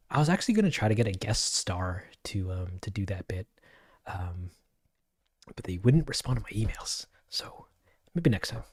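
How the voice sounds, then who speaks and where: A man's voice: on the low side, big pitch swings, unhurried, long pauses, husky, no echo, studio quality. A man chatting casually on a livestream to his viewers, rambling, giggling and poking fun at himself as he answers comments. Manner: rambling, giggly, self-deprecating.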